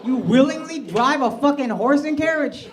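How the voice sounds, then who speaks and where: A man's voice: extremely high pitch, expressive, moderate pace. A male stand-up comedian doing crowd work on a club stage, brash and profane as he mocks people in the audience. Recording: loud crowd laughter, noisy live club.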